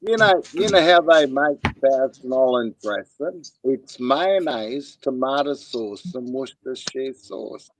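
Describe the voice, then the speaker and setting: A man's voice: mid-range voice, expressive, rough recording. An Australian man in jokey, crude casual banter on a live stream, drawing out his words. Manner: slow, jokey, drawn-out words.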